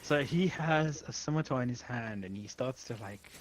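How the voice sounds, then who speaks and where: A man narrating a tabletop game as game master, telling the action in a lively way and laughing often. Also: mid-range voice, normal speed, soft background music.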